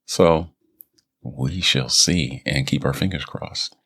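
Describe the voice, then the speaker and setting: A man's voice: a bass voice, slow pace, bright, forceful tone, breathy edge. A man hosting a voice-acting podcast, talking casually and rambling into a studio microphone. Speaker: podcast host and voice actor.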